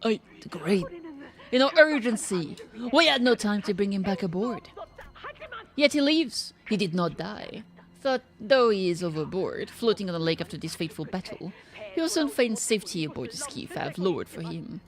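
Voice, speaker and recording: A woman voicing a commanding, obsessed woman sea captain in a game, reading her lines in a grandiose, booming way. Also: very animated, normal speed.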